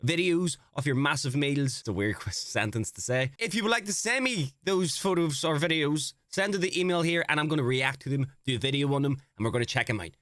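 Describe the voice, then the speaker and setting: A man's voice: a little high, expressive, fairly quick, hardly any pauses, a bit bright, dry recording, studio quality. A man talking casually as a streamer, reacting to clips with playful, swearing asides.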